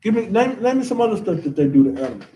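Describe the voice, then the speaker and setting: High-pitched guy ranting to his class, voice all over the place, mic kinda far off. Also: very animated, very fast, dark tone, a little hiss or hum. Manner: ranting, keeps asking the audience, says "man" a lot. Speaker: class teacher. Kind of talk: animated classroom lecture.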